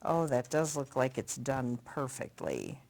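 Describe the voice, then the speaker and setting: A woman's voice: very deep voice, big pitch swings, unhurried, creaky, darkish tone. A middle-aged woman hosting a local TV cooking segment, chatting in a friendly, promotional way while she tastes the food. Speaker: TV show host. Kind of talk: casual cooking segment chat.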